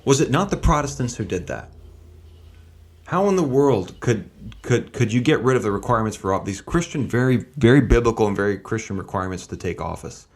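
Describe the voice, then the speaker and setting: A male host offers commentary in an emphatic way, pressing his points with a stream of rhetorical questions. His voice sits at an ordinary middle pitch for a man. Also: lively intonation, brisk.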